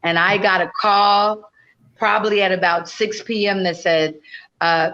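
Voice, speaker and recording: A woman's voice: medium pitch, fairly even intonation, a little slow, a bit bright, dull audio. A woman in her fifties, a podcast guest, telling a story animatedly and casually, swearing freely.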